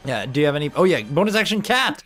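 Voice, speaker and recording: A man runs a tabletop game as game master, and his voice sits a bit high. He swings up and down in pitch as he talks, chatty and animated, laughing often while he walks the players through rolls. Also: quick pace, soft background music. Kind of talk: running a tabletop game over voice chat.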